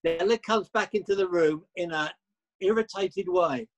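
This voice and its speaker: A man's voice: high voice, normal speed, rough recording. A man giving scripted narration for an audio comedy drama in a plain, matter-of-fact way.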